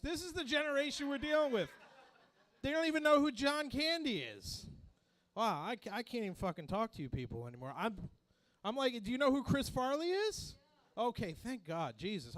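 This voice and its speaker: A man doing a stand-up set in a small club, loud and crude, teasing the crowd. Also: high-pitched. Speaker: stand-up comedian.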